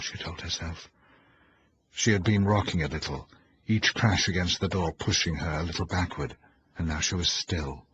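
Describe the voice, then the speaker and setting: A man narrating an audiobook in a measured, suspenseful reading. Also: low voice, slightly rough, lo-fi sound.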